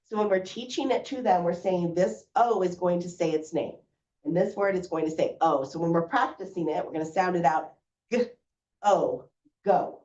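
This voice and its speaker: A woman teacher explaining reading lessons to parents in a clear, patient way. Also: lowish voice, brisk, darkish tone. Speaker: first grade teacher. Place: school room presenting to parents. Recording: roomy, distant, dull sound.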